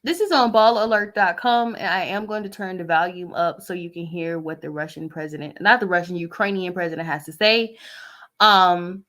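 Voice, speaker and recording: A woman's voice: lowish voice, normal speed, fairly bright tone. A woman in her thirties giving casual commentary on news stories, blunt and emotional, sighing often as she reads. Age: 30s. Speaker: vlogger reading the news.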